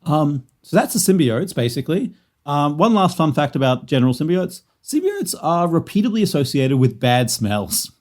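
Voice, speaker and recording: A man's voice: fairly high pitch, big pitch swings, normal speed, darkish tone. A man hosting a casual podcast, explaining lore in a rambling way with many fillers and restarts. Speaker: podcast host presenting the lore. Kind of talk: casual chat.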